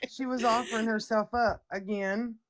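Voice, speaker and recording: A woman's voice: on the high side, fairly even intonation, moderate pace, noisy background. A woman hosting a livestream chat, brash and profane, boasting and ranting in a casual way. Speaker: livestream host.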